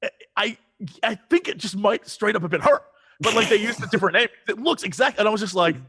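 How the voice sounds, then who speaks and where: A man chatting as a podcast guest, telling animated stories and breaking into exaggerated quoted voices. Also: high-pitched, fast, husky. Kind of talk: casual chat. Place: Los Angeles.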